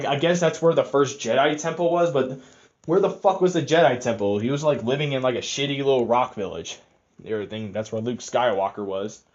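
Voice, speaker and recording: Rambling, profane young man reviewing a film. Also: medium pitch. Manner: rambling and profane, frequent fillers. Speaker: movie reviewer. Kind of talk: casual spoken review. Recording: slightly muffled lo-fi audio.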